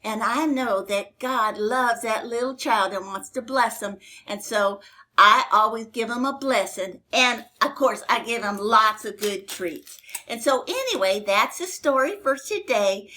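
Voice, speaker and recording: A woman's voice: a little high, measured pace. An older woman hosting a children's Bible story show, telling it in a chatty, rambling, homespun way with plenty of fillers. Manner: chatty, rambling, homespun, warm toward kids. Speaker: storytelling host.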